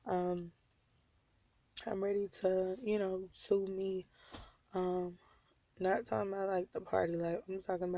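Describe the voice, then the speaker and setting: A woman's voice: mid-range voice, level tone, slow pace, pauses often, mellow. A woman, talking wearily about her troubles in a personal vlog, her throat a little sore. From born in North Carolina, raised in Oklahoma. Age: 20s. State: slightly sore throat, coughing. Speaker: vlogger.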